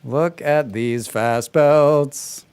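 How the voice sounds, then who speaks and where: A male streamer talks casually while he plays a game. His voice sits at a mid pitch, and he keeps up a running stream of sarcastic jokes and offhand remarks. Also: steady tone, drawn-out words, a little mellow, smooth. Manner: sarcastic, joking asides. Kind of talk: casual chat during a gameplay livestream.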